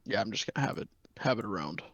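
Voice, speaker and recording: A man's voice: lowish voice, expressive, fast, creaky, fairly bright tone, breathy edge, dry recording. A man player in a tabletop game, explaining his plans animatedly. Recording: dull, lo-fi dry mic.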